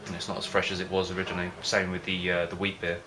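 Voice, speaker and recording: A man's voice: low voice, monotone, rapid-fire, noisy background. A man vlogging about home brewing in a casual, rambling way, often hesitating and losing his thread. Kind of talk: casual rambling chat to camera.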